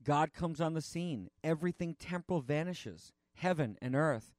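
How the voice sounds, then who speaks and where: A man preaching a sermon in an earnest, halting way, with frequent fillers and restarts. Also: fairly high pitch, animated, a little mellow, dry recording, clean studio sound.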